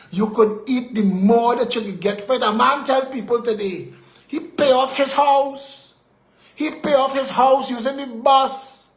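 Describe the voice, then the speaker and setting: Indignant and sometimes shouting, this man hosts a live political talk show in a Trinidadian accent, hurling rhetorical questions. His voice sits high, and the recording sounds roomy.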